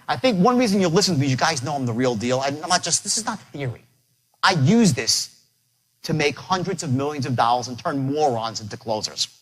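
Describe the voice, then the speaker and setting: A man giving a motivational sales lecture to a live audience. He tells his stories in a boastful, animated way, full of punchy phrases. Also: mid-range voice, low-quality recording.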